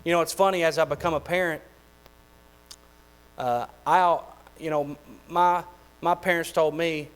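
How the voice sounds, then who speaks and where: A man, preaching a sermon in a folksy, animated way with lots of repeated phrases. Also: a little high, moderate pace, clean tone, low-quality recording. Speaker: pastor.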